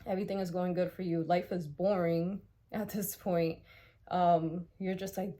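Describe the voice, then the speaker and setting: A woman's voice: fairly low pitch, fairly even intonation, brisk, mellow. A young adult woman talking candidly in a personal vlog, raw and heartfelt, swearing freely and circling back over her thoughts. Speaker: vlogger.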